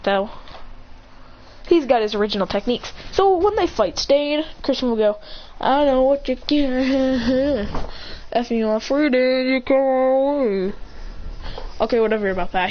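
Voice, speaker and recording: A woman's voice: on the high side, highs cut off, a little hiss or hum. A woman telling a fan-made hero story, rambling and correcting herself as she goes. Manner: rambling, self-correcting, bursts into shouted attack names. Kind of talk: excited fan-fiction retelling.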